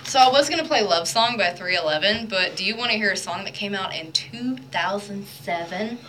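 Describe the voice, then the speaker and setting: A woman hosting a radio show, chatting in a bubbly, quick way with a guest. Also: medium pitch, lively intonation, a bit bright, a little hiss or hum, rough recording. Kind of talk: casual chat.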